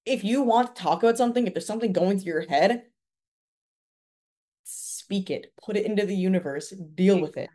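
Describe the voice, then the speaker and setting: A woman's voice: mid-range voice, moderate pace, mellow. A woman in her twenties from Canada, a podcast guest speaking earnestly in casual conversation and giving advice with plenty of fillers. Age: 20s.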